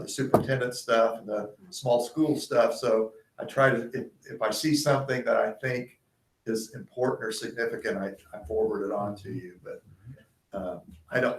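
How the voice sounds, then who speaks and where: A man giving a superintendent's report at a school board meeting, speaking haltingly with frequent fillers. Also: medium pitch. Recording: echoey meeting room.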